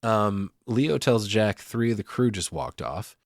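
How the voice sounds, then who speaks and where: A man's voice: fairly low pitch, lively intonation, unhurried, dry recording, studio quality. A man hosting a podcast, recapping a horror film in casual, profane chat and laughing often. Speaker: podcast host.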